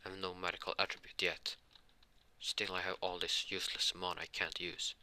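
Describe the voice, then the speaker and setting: A man voicing a bitter, bullied young boy, muttering low in casual fan storytelling. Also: level tone, brisk, pushed and bright. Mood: wary.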